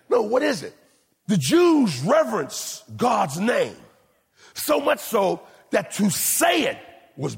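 A man preaching a sermon as pastor, moving between shouted lines and low, quiet asides. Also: creaky, slightly rough. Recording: long hall reverb.

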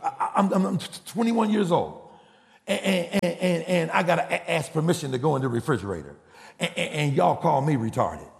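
A man's voice: high-pitched, huge pitch swings, brisk, darkish tone, in a large hall, pitched above the performer's own voice, exaggerated voice. A man voicing his stuttering twenty-one-year-old son, who pleads in broken, repeated words. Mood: complaining.

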